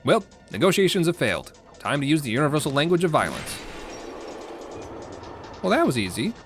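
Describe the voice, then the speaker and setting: A man's voice: a little high, very animated, brisk, over music. A young man narrating a gameplay video with sarcastic, playful jokes. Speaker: gaming video host. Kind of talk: scripted comedic gameplay narration.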